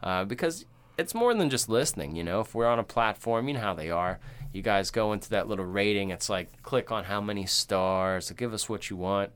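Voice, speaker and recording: A man's voice: on the low side, expressive, brisk, a bit bright, smooth. A man co-hosting a podcast, chatting casually in a crude, joking, rambling way. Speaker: podcast co-host.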